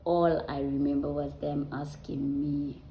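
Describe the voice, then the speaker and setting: A woman, telling a personal story to her viewers in a conversational, unhurried way with soft ums. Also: low-pitched, level tone, dull audio, a little hiss or hum. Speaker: vlogger. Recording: roomy echo.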